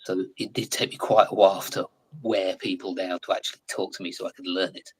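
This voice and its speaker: An English man in his forties, a guest in a casual live chat, talking in a chatty, animated way and laughing often. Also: low-pitched, brisk, breathy edge, rough recording. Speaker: guest actor.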